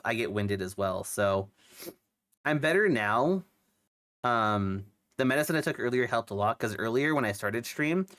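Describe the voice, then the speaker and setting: A young man with a cough chats casually on his stream in a mid-range, slightly bright voice. He rambles, filling his talk with fillers and restarts.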